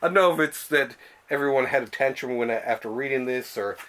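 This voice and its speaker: In a home library room, a man hosts a casual comic book show, rambling and laughing often as he talks. His voice is medium-pitched, brisk, and a bit bright.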